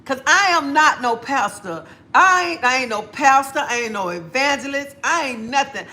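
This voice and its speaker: A woman's voice: sits high, expressive, normal speed, bright, forceful tone. A middle-aged woman, chatting bluntly on a livestream and laughing often. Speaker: livestream host. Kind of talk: casual livestream chat.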